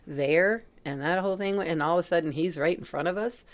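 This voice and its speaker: A woman's voice: fairly low pitch, a little fast. A woman guest on a podcast, telling an anecdote in casual chat, often breaking into laughter and acting out what people said. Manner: animated, laughing often, acts out quotes. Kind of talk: casual storytelling.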